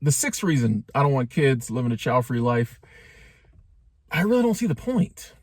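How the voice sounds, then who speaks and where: A man's voice: medium pitch, big pitch swings, moderate pace, slightly rough, dry recording. A man in his forties talking casually in a joking, conversational way, full of slang and asides to his viewers. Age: 40s. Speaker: vlogger. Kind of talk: casual talking-head monologue.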